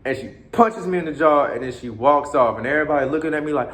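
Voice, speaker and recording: This fast-talking man has a fairly bright, higher-pitched voice as he relates his experiences abroad. His long, casual story wanders through slang, profanity, restarts and asides aimed at the listener.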